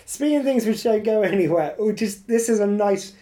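A woman's voice: medium pitch, lively intonation, moderate pace, warm tone. A woman with an Irish accent co-hosting a podcast in casual chat, laughing often and restarting her sentences. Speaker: podcast co-host.

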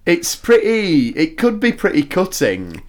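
A man's voice: sits high, huge pitch swings, unhurried. Chatty man reviewing a show. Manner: chatty, laughs often, quotes lines from the show. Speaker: podcast co-host. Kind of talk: casual chat reviewing a TV episode.

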